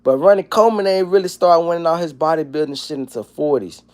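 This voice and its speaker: Man in his forties, livestream host, casual chat, profane, rambling, low mutters, loud rants. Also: fast talker. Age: 40s.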